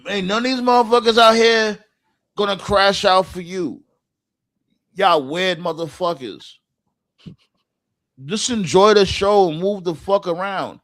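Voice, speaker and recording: A high-voiced man rants animatedly through a casual podcast chat. He swears freely and leans on street slang. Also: a little slow, pauses often. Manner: profane, animated ranting with slang. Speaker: podcast co-host.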